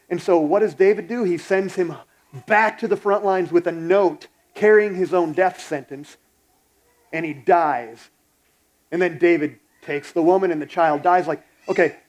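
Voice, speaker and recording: A man's voice: high-pitched, darkish tone, poor audio. A pastor preaching a sermon in a blunt, exhorting, conversational way, retelling a story as he goes.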